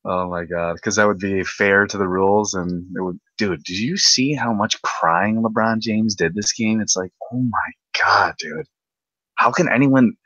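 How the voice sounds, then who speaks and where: A young man with a lowish voice rants at length, tripping over his words and repeating himself as he gets worked up. The sound is very dry and close, with no room around it. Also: a little slow, dry recording, dull audio. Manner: rambling, excitable, repeats words. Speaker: podcast host. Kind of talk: ranting casual chat.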